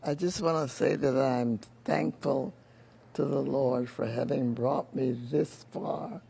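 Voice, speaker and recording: Woman aged 110, very slow speech, raspy gravelly tone, gentle grateful manner. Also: extremely low pitch, steady tone. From California. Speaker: birthday guest interviewee. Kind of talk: casual interview.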